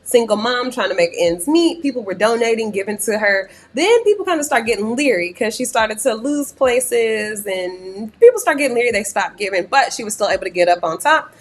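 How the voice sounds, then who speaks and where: A woman's voice: fairly high pitch, very animated, brisk, few pauses. A woman hosting a reaction commentary, blunt and sarcastic, mocking the clips she plays. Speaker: commentary host.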